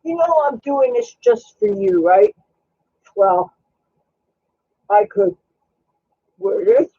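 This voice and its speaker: A man's voice: very high-pitched, sing-song, slow pace, creaky, no room sound, highs cut off. A man hosting a casual live stream while baking in his home kitchen. He is chatty and coos baby talk at his cat.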